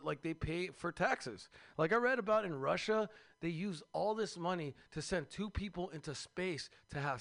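A man's voice: on the high side, a bit bright. Profane rambling stand-up comic man. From Seattle area, USA. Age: 30s. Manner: crude, rambling, profane jokes with "man" and "you know". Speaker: stand-up comedian. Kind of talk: stand-up comedy set.

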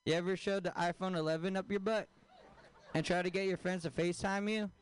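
A man doing a stand-up comedy set, deadpan, with crude punchlines and questions thrown at the audience. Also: sits high, a little fast, clear, resonant tone.

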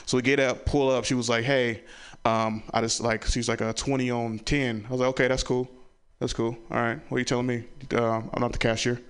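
A man's voice: medium pitch, flat delivery, a little fast, clean tone. A man doing a stand-up comedy set on a club stage, telling stories and asking the crowd "right?" as he goes. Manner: storytelling with lots of "right?" asides; acts out family members loudly.

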